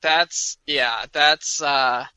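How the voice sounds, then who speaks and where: A man's voice: on the high side, extremely slow, pushed and bright, clear, resonant tone, dry recording. A man co-hosting a casual chat, blunt and dismissive in his opinions.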